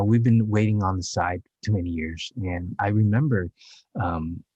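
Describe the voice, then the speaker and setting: A man in his fifties, a guest actor telling his story in an interview, halting and reflective with many restarts. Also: on the low side, a little mellow, slightly rough, dry recording, muffled recording.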